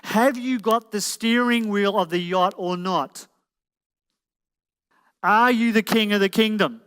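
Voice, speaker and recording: A man's voice: high voice, slow pace, fairly bright tone, clear, resonant tone, voice pushed up. A man putting on the voice of an anxious woman who keeps asking whether her partner is leading. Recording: echoey hall.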